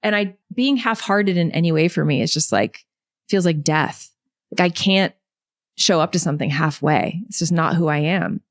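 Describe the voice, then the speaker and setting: Low-voiced woman telling her story. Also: no echo, clean studio sound. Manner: animated, quick storytelling with many likes and you knows. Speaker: podcast guest. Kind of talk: storytelling in an interview.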